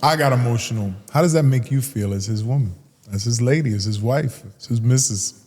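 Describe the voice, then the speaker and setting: A male podcast host chimes in with short, affirming remarks and follow-up questions. His pitch is in the middle range for a man. The room adds a long reverb. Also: a little fast, a little mellow. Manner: affirming, brief interjections and questions. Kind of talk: conversational interviewing.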